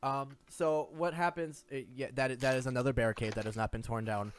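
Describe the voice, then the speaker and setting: A man's voice: mid-range voice, steady tone, brisk, slight background noise. A man running a tabletop game as game master, describing scenes in a chatty, casually profane way with many restarts.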